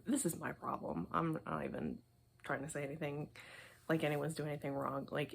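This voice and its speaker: A young woman talking casually to camera, rambling with many fillers and dropping into soft asides. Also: lowish voice, creaky, a little hiss or hum. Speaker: video host. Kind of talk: casual review rant.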